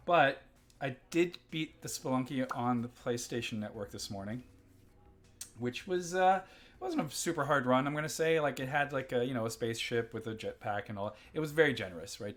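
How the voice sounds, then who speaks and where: A man's voice: mid-range voice, fairly bright tone. A man from Germany hosting a live game stream, chatting casually and rambling between reading chat messages. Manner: chatty, rambling, reads chat aloud and laughs often.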